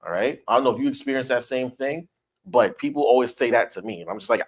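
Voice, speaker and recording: A man's voice: medium pitch, animated, quick pace, breathy edge. A man leading a Bible study in a teaching style, stressing and repeating his points and often checking in with "all right?".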